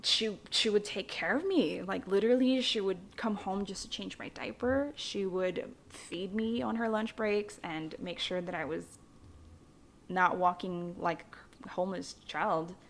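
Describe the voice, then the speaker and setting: A woman's voice: mid-range voice, fairly even intonation, a little slow, slight background noise. A young woman from the Philippines telling her childhood story in a candid, chatty way, with frequent fillers and casual swearing. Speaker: vlogger.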